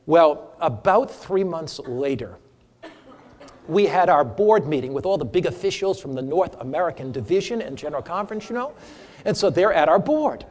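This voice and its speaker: A man teaching an interactive sermon to a church audience, humorous and animated, quizzing listeners for Bible verses. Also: a little high, moderate pace, in a large hall. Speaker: preacher teaching a seminar. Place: church or hall before a live audience.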